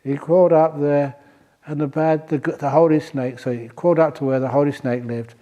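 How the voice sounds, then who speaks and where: A man's voice: medium pitch, dark tone. A man who is a Buddhist monk, telling a playful story and answering questions at a retreat, often laughing at his own jokes. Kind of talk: storytelling Dhamma talk and Q&A.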